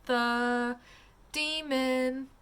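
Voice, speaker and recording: A young woman with a high, bright voice chats through a casual book review, gushing and heavy on the word "like". She swears freely and sounds close to tears as she talks. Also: fairly even intonation, drawn-out words, clean tone. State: tearing up.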